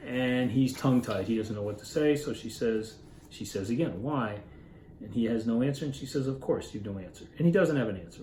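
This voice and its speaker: A man's voice: medium pitch, dark tone, roomy sound, a little hiss or hum, poor audio. A man retelling and explaining a classic story in an earnest, informal way, musing aloud and correcting himself as he goes. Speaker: literature reader explaining a story. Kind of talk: informal story summary and commentary.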